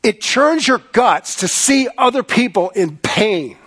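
A man delivering a sermon with a fairly high voice. He presses his points by repeating phrases and firing rhetorical questions at the congregation, earnest and emphatic throughout. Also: lively intonation, unhurried, sharp tone, husky. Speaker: pastor.

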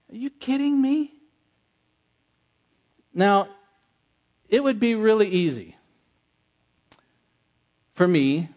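Animated man giving a sermon. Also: fairly high pitch. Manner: animated, conversational, repeats the audience's answers. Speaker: pastor. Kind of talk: interactive sermon.

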